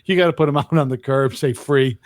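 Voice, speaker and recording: A man's voice: mid-range voice, brisk, darkish tone. A middle-aged man co-hosting a podcast, telling rambling, profane stories in casual chat. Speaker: podcast co-host.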